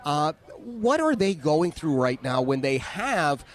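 A man's voice: on the high side, sing-song, slow. A male radio talk show host interviewing a guest in a folksy way, with many filler sounds and leading questions.

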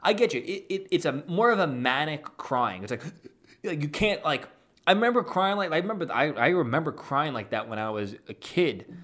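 A man's voice: fairly high pitch, very animated, brisk, a bit bright. A man giving an argumentative, dismissive reaction as an online commentator, reacting to a clip and reading posts aloud.

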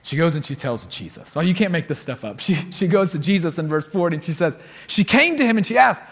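High-voiced male preacher in a reverberant hall. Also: quick pace. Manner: lively storytelling, repeats words for emphasis. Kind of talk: sermon. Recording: long reverb of a big hall.

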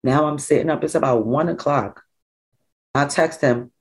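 A woman's voice: low-pitched, moderate pace. A woman, a mother talking through family memories in an interview, casual and full of "like". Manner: conversational, full of "like", lively when quoting others. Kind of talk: personal storytelling in an interview.

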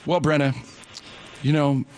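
A man hosting a morning radio show, bantering in a jokey, animated way and acting out other people's voices. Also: a little high, a little slow, a little hiss or hum.

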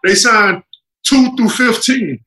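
High, bright-voiced man telling stories. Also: slow pace, rough recording. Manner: animated, acts out quotes with jumps in pitch. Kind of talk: casual storytelling.

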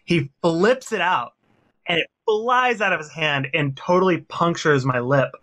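Male guest, easygoing, storytelling, slightly high voice. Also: measured pace, sharp tone. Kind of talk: casual video-call chat.

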